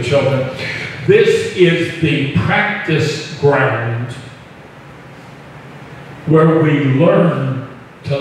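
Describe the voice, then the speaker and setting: A man's voice: on the high side, slight background noise. A male pastor preaching in a folksy, conversational way, with frequent asides to the congregation. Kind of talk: sermon. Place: church hall. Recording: echoey hall, distant mic.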